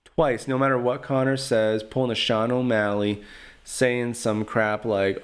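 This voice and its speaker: A man's voice: mid-range voice, fairly even intonation, normal speed, clean tone. Rambling, trash-talking podcast host man. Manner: rambling, trash-talking, lots of fillers like "you know". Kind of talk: casual solo podcast commentary.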